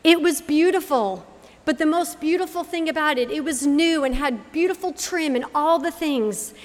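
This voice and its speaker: A woman's voice: high voice, moderate pace. A middle-aged woman from Connecticut telling a personal faith testimony, acting out the voices of the people in her story. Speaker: speaker giving a faith testimony. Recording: hall reverb.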